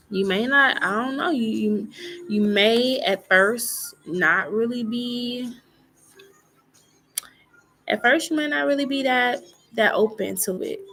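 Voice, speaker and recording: This tarot reader's voice is on the high side and a bit bright. During her live reading she is chatty, keeps repeating herself, and drops in lots of fillers and side comments.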